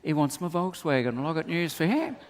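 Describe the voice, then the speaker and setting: A man's voice: fairly high pitch, brisk. A man preaching a sermon, telling comic stories and acting out the voices in them. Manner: animated, acts out voices in his stories. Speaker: pastor. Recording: long hall reverb.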